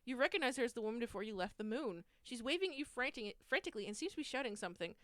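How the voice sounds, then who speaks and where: A woman narrating as game master in a livestreamed tabletop game, playful and lively. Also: a little high, very fast, no echo, clean studio sound.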